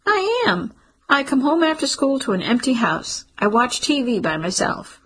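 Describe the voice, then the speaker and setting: A woman doing a cheeky young girl in a storybook reading, her voice lifted well above the narrator's and breathy and husky throughout. She talks provocatively, eager to stir things up. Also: fairly high pitch, big pitch swings, normal speed, fairly bright tone, pitched above the performer's own voice, heavily acted.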